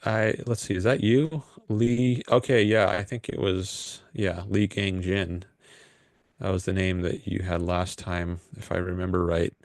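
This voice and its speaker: A man's voice: low voice, fairly even intonation, a little slow, no echo, clean studio sound. A man hosting a call-in livestream, rambling and hesitant with lots of fillers. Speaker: livestream host taking calls. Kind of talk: casual livestream chat.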